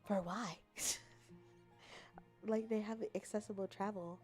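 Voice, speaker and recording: A woman's voice: medium pitch, steady tone, takes it slowly, a little mellow. A woman streamer in casual, rambling chat, teasing and joking as she reads comments aloud. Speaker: VTuber streamer. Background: faint background music.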